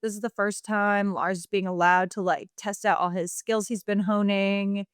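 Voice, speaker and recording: A woman co-hosting a casual podcast, spinning a silly story with plenty of "like" and "um." Her voice is smooth and clear, recorded dry on a close mic. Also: medium pitch, flat delivery, normal speed, no room sound. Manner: playful storytelling, lots of fillers. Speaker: podcast co-host. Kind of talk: casual chat.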